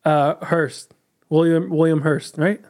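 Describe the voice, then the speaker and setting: A man's voice: on the high side, steady tone, takes it slowly, darkish tone. A man co-hosting a podcast, making wry, teasing jokes in casual chat. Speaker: podcast co-host.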